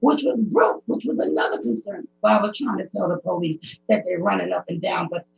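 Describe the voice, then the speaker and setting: A middle-aged woman from the United States giving emotional, pleading personal testimony as a public commenter, her speech halting. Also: medium pitch, vocal fry. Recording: dull lo-fi recording.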